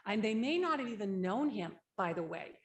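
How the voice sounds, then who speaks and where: A woman's voice: medium pitch, very animated, moderate pace. A woman leading a conference workshop on grief support. She explains the steps in a practical, conversational way and often checks in with "right?". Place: conference room.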